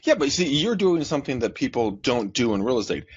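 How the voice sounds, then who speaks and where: A man's voice: mid-range voice, sing-song, quick pace, husky. A man hosting a podcast, blunt and joking, casually swearing as he tells stories. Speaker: podcast host. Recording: dry, muffled lo-fi audio.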